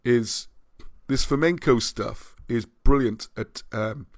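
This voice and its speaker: A man's voice: mid-range voice, takes it slowly, dry recording. A man hosting a livestream and reading out viewer comments, rambling and often restarting his sentences. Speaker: livestream host.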